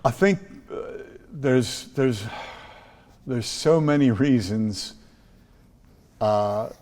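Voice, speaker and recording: A man's voice: mid-range voice, very slow, darkish tone. Emphatic American man, reverby room. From Chicago. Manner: emphatic storyteller, frequent restarts and repeated words. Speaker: guest, school trust leader. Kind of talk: podcast interview.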